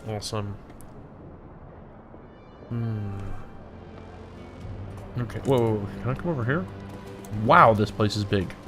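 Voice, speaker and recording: A man's voice: fairly low pitch, takes it slowly, pauses often, a bit bright. A man hosting a gameplay video, chatting casually and thinking aloud as he plays. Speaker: let's play host. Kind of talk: gameplay commentary. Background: faint music.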